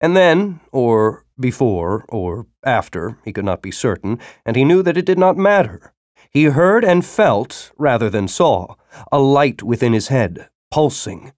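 A man narrating a story in a dramatic reading style, breaking into urgent, shouted dialogue. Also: mid-range voice, sing-song, a little slow, no echo, studio quality. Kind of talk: audiobook narration.

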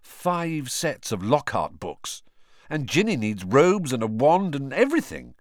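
A man's voice: medium pitch, very animated, a little slow, dry recording, clean studio sound, pitched above the performer's own voice. A man voicing a wry, mock-serious teenage boy wizard.

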